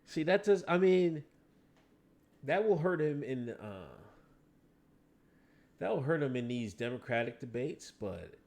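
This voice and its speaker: An animated man hosting a casual livestream, arguing with viewers in the chat. His voice sits high and swings widely in pitch as he goes from mumbled asides to loud outbursts. He swears freely. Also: measured pace, gravelly, long pauses. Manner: profane, animated, talks back to chat. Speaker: livestream host.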